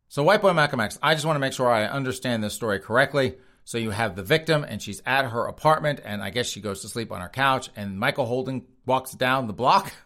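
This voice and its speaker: A man's voice: medium pitch, fairly bright tone. A man hosting a comedic news show, reading stories and joking about them while addressing his audience directly.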